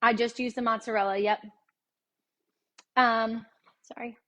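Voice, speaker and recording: A woman's voice: on the high side, fairly even intonation, measured pace, a bit bright. A woman hosting a casual cooking demonstration in her home kitchen, chatty and folksy, often laughing and talking straight to her viewers. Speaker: cooking show host.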